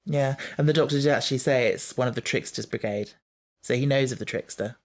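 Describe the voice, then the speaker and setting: A podcast host, chatting casually about an episode, animated and quick to quote scenes. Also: medium pitch. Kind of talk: casual chat reviewing an episode.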